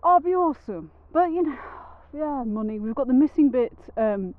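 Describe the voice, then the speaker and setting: A woman's voice: sits high, animated, normal speed. A woman co-hosting a podcast, chatting in a rambling, wry, self-mocking way while sitting on a rock outdoors in the hills. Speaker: podcast co-host. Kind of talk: casual outdoor podcast chat. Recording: narrow phone-like sound with faint noise.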